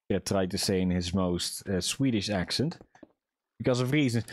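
Lively, chatty young male streamer. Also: medium pitch, a little slow, no room sound. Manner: chatty, profane, jokey self-talk to viewers. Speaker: livestreamer. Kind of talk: casual gaming livestream chat.

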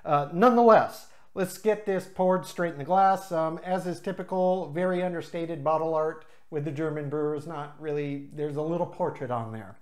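Chatty beer-review host, talking off the cuff. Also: medium pitch. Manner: chatty, explains in detail, with frequent filler pauses. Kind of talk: casual unscripted beer review.

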